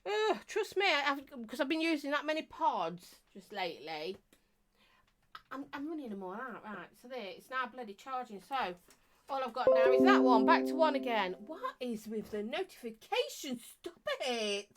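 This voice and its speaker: Chatty woman with lively pitch. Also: moderate pace, faint music behind. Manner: chatty and rambling, greets viewers, laughs often. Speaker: vape reviewer hosting a live stream. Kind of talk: casual live-stream chat.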